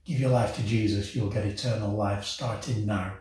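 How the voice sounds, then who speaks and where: A man preaching a sermon with passion, swelling to emotional peaks and dropping low and soft. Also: steady tone, moderate pace. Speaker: pastor. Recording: very echoey, from a distance.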